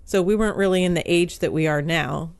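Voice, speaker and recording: A woman's voice: fairly low pitch, fairly quick, gravelly, smooth, dry recording. A woman in her forties, a newspaper columnist, telling a story in casual podcast talk with frequent ums and likes. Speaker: guest author, newspaper columnist.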